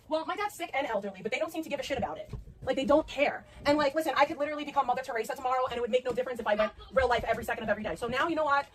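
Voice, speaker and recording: A woman's voice: high voice, very fast. A woman livestreaming an angry rant, profane and repeating herself.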